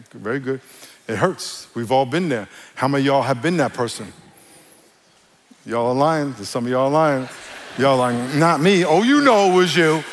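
A man's voice: medium pitch, long reverb tail, slight background noise. A man preaching a sermon, talking directly to the congregation in a playful, joking way. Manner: playful, joking with the congregation, acts out quoted voices; addresses the audience directly. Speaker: pastor.

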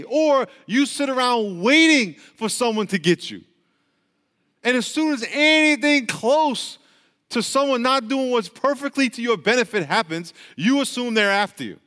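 A man's voice: extremely high pitch, lively intonation, unhurried, sharp tone, long reverb tail. A man preaching a sermon, telling stories and calling out to his congregation. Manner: storytelling with call-and-response to the congregation. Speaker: pastor.

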